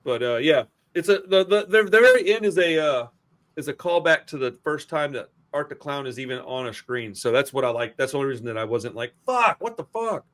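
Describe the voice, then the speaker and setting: A man in a casual film review chat, talking in an excitable, profane, slangy way. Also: medium pitch, brisk. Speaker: podcast co-host.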